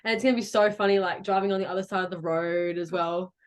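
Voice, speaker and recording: Lively young woman. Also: lowish voice, fast talker. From Australia. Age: young adult. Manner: lively storyteller, acts out teammates. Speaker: college basketball player. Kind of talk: casual interview chat. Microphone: video call.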